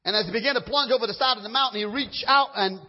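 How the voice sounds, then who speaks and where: A man delivers an impassioned sermon in a high, husky voice, dropping to low murmurs and then rising to loud cries. His words often stumble and restart. The recording is dull and lo-fi, with a long reverb from a large hall. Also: racing. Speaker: preacher.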